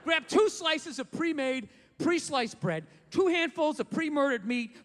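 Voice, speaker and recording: A man's voice: very high voice, animated, measured pace, fairly bright tone, long reverb tail. A man performing a stand-up comedy set on a live stage mic, blunt, profane and ranting with sarcasm.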